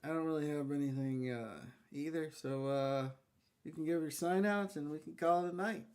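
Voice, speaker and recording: A man's voice: fairly high pitch, moderate pace, darkish tone. Laid-back, hesitant male podcast host. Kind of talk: casual chat.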